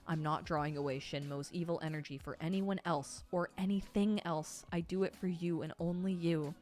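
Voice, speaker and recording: An earnest, devoted young male master speaking with firm emphasis, as a woman reads him aloud. Her lowish voice stays close to her own. Faint music plays underneath the audiobook-style reading. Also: steady tone, normal speed, darkish tone, lightly acted. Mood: tender.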